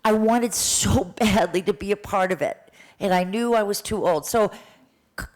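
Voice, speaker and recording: A woman's voice: medium pitch, normal speed, a little mellow, low-quality recording. A woman in her sixties, a voice teacher, telling stories in a chatty way to an audience in a lecture room, with many restarts. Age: 60s. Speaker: voice teacher giving a talk. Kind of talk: live symposium talk.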